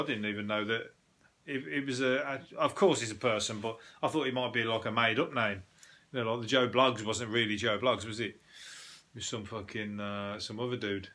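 A man's voice: medium pitch, pushed and bright. A man hosting a solo podcast, running through odd news stories in a sweary, mocking way and laughing at his own jokes. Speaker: podcast host. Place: at home, no video.

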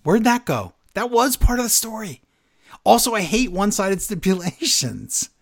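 A man's voice: high voice, very animated, normal speed, vocal fry. Chatty man recapping wrestling. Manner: chatty recapper, quotes wrestlers in mock voices. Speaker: podcast co-host recapping wrestling. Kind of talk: casual chat.

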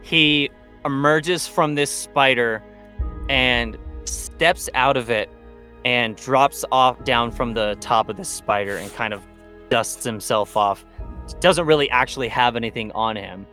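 A man's voice: medium pitch, a little slow, pushed and bright, soft background music. A man narrating as game master of a tabletop role-playing game, in a casual manner.

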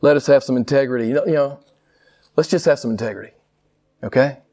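A man preaching a sermon with passion, firing rhetorical questions and swinging widely between slow, emphatic lines and quick ones. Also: warm tone. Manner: impassioned preaching, rhetorical questions, big swings in pitch and pace. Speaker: pastor.

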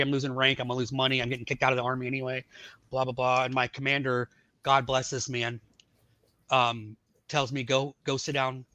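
A middle-aged man telling his life story in a casual podcast chat, acting out the dialogue of the people in it with animated voices. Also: mid-range voice, dry recording. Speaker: podcast guest.

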